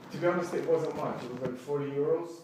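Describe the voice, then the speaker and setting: A man's voice: a little high, fast talker. A man recounting an incident in agitated first-person storytelling, acting out quoted dialogue and restarting his sentences. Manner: animated, acts out quoted dialogue, restarts often. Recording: echoey room, distant mic, faint noise.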